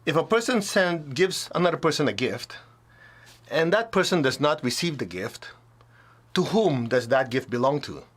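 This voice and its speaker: A man acting out a calm, wise male spiritual teacher in a story, asking a patient, gentle question. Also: a little high, moderate pace.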